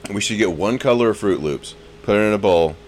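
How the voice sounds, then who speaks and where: A man co-hosting a podcast in casual chat, laid-back and quick to chuckle. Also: on the low side, crowd noise. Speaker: podcast co-host.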